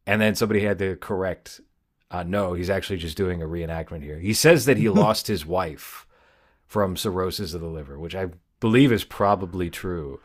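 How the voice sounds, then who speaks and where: Deep-voiced sarcastic man chatting. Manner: dry, sarcastic humor. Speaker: podcast co-host. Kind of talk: casual chat.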